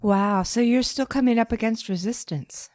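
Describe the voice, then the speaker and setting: A woman's voice: a little high, moderate pace, darkish tone, dry recording, clean studio sound. A woman co-hosting a podcast, adding thoughtful remarks and affirming her guest in a casual chat. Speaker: podcast co-host.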